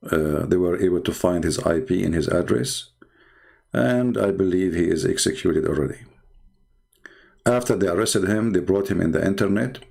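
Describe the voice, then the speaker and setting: A man's voice: deep voice, creaky, a little mellow. A man hosting a live online debate stream, sarcastic and mocking, speaking English with non-native grammar. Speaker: livestream host.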